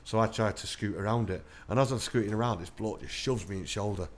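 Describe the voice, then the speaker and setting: Fast-talking veteran storyteller. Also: male voice, lowish voice. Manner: chatty anecdotal, laughs through stories. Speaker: army veteran guest. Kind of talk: casual storytelling interview.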